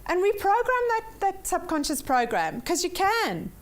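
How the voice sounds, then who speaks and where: A woman's voice: extremely high pitch, wildly swooping pitch, moderate pace. A woman teaching a weekly personal development workshop, upbeat and repeating points for emphasis while checking in with her class.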